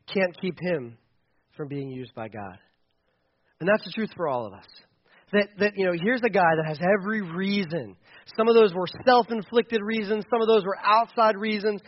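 A man preaching a sermon in a church, casual and animated, acting out the lines of scripture as he goes. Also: sits high, highs cut off. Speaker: pastor. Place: church building.

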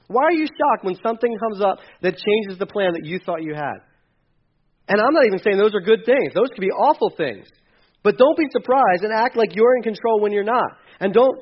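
High-voiced pastor preaching animatedly. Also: male voice, a little fast, husky, highs cut off. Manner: animated, conversational preaching with humor. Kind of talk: sermon.

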